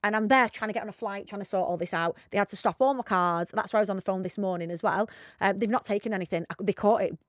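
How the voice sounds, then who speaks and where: A young woman rattles through her stories at a fast clip, animated and excitable as she co-hosts a casual chat. Her voice sits at a middling pitch and sounds close and dry, with no room around it. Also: dry recording. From northern England, near Rochdale. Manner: animated storyteller, quick and excitable. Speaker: podcast co-host.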